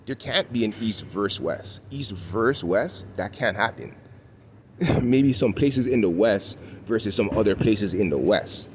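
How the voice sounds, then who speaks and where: A man's voice: on the low side, animated, a little slow. A man from Toronto with a Toronto accent, talking in a laid-back slang-filled way while walking, with lots of "you know what I'm saying". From Toronto, Canada. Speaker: vlogger. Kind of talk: casual walking vlog rant. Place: outdoors on a city street. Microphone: handheld camera while walking. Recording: street noise from passing vehicles. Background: traffic and street ambience.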